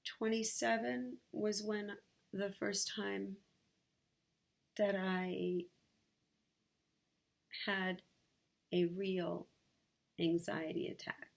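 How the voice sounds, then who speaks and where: A woman vlogging from her sunlit bedroom, sharing a personal story in a candid, halting way with many fillers. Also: lowish voice, vocal fry.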